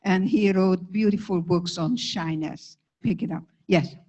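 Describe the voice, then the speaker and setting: An older woman speaking as a guest lecturer, slowly and affectionately calling someone from the audience up to join her. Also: on the low side, a little mellow, highs cut off. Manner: slow, affectionate, beckoning audience member. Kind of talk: warm public talk with audience. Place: lecture hall.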